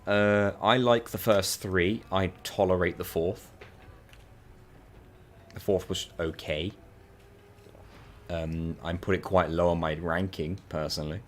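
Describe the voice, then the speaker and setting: A man with a low, deep voice chats casually with a friend while they play a co-op video game. He tells stories with animated energy and breaks into laughter often. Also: slow pace, pauses often, a little hiss or hum. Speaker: co-op gaming channel host.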